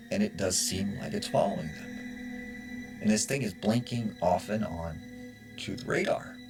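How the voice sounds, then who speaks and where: A man casually retelling a strange story, hesitant and full of fillers and restarts. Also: low-pitched. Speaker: storyteller in a played clip. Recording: music playing underneath.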